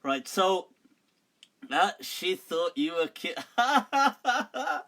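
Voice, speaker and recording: Guy hosting live q&a, slightly high bright voice, laughs a lot, animated ranting. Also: drawn-out words, long pauses. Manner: animated, laughs often, rants with mock exasperation. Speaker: mufti answering viewer questions. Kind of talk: live Q&A chat.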